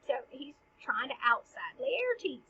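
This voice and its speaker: A woman's voice: high voice, sing-song, takes it slowly, sharp tone, slight background noise. A woman giving a chatty, slangy summary of a play's scene, on a dull lo-fi recording. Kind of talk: casual play summary.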